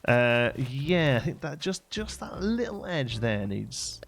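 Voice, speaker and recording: A man's voice: mid-range voice, sing-song, slow, vocal fry. A man from England, rambling casually as he hosts a game livestream and answers his chat. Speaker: livestream host.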